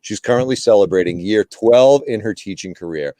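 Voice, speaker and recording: A man, a school principal co-hosting a live-streamed talk show, introducing a guest in a friendly, energetic way. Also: on the low side, fairly quick, dry recording. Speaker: middle school principal, co-host.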